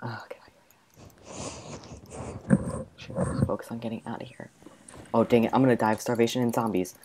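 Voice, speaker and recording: A man narrating his own gameplay in a frantic rush, muttering orders to himself. His voice is mellow and soft-edged, with a faint hiss of noise behind it. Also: medium pitch, steady tone, brisk. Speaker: gamer. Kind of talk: gameplay commentary.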